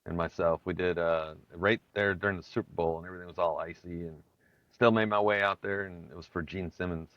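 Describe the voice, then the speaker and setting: A male guest, a bass player, chatting in an interview with many pauses and fillers. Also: steady tone, fairly bright tone, no room sound. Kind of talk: casual interview chat. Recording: dry, slightly dull sound.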